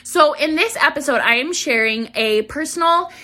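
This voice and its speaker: A bubbly young woman hosts her own podcast in a casual, chatty way. Her voice is bright and a little high, and it swings with a lot of inflection. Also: expressive, normal speed. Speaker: podcast host. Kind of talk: casual solo podcast intro.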